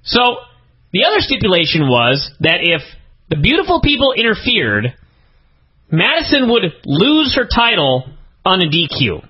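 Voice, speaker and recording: A man's voice: high-pitched, huge pitch swings, measured pace, slightly rough. A man co-hosting a podcast, reviewing wrestling TV in a casual, exasperated, incredulous way and swinging his voice up for emphasis. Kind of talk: casual comedic review chat. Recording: dull lo-fi podcast audio.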